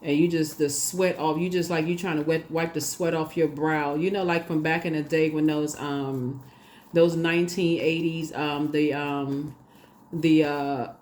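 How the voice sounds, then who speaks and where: A woman giving a casual tarot reading, chatty and animated, laughing often and talking straight to her viewers. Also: low voice, measured pace, a little hiss or hum. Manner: addresses viewers directly and casually. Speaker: tarot reader.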